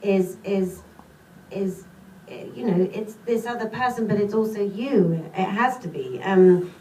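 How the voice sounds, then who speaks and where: A woman's voice: mid-range voice, unhurried, mellow. A woman with a British accent, an actress answering questions at a screening Q&A in a chatty, self-deprecating way. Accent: British English. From Britain. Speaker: actress and panel guest. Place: cinema theater, audience present. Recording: echoey theater, far from mic, faint hiss.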